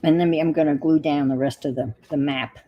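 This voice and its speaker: A woman's voice: deep voice, fairly even intonation, a little fast, highs cut off. An older woman hosting a crafting livestream, chatting casually and muttering to herself as she works. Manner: talks to herself while working, muttering asides.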